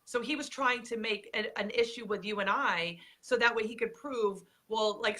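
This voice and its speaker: A woman hosts a relaxed interview and recounts her past in an earnest, steady manner. Her voice is a little high and very bright, with a crisp edge. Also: brisk, few pauses. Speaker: host. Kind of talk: casual interview.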